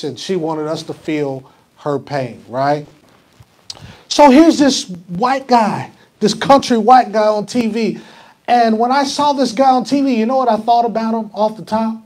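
A man's voice: a little high, darkish tone. A man pastor preaching a conversational sermon in a church, often asking the congregation questions. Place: church sanctuary.

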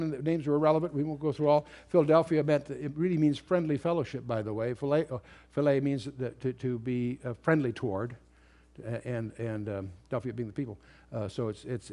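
Man teaching a Bible study, higher voice. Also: darkish tone. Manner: explanatory, emphatic on key words, some restarts. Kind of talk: lecture-style Bible study.

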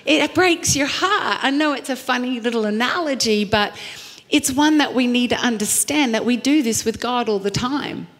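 A middle-aged woman pastor preaching a sermon, telling stories with lively acted quotes and emphatic repetition. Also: a little high, moderate pace. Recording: long hall reverb.

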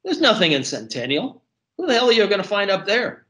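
A man's voice: sits high, very animated, a little fast, sharp tone, voice pushed up, full character voice. A man voicing a blunt, coarse rural gas station attendant who is a war veteran.

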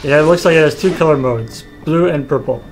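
A man's voice: a little high, brisk, poor audio. A man co-hosting a game stream in a casual, joking chat. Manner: joking, playful. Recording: game music behind the voice.

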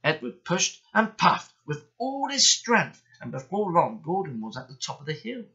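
A man reading a children's bedtime story aloud in a gentle, expressive way. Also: fairly high pitch, moderate pace. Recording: dull lo-fi sound.

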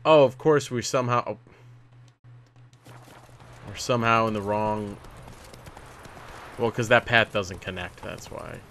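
A man's voice: lowish voice, unhurried, long pauses, a bit bright, slight background noise. A man casually commenting on a game as he plays, chatting to his viewers and taunting enemies. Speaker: gameplay commentator. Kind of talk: casual let's-play commentary.

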